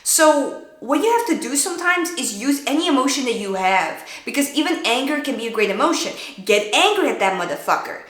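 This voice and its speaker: A woman streamer giving blunt, profane advice in a casual storytime, often mock-yelling at the voice in her head. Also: high voice, fairly quick, hardly any pauses. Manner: blunt, profane, animated, mock-yells at her own thoughts. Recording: echoey room.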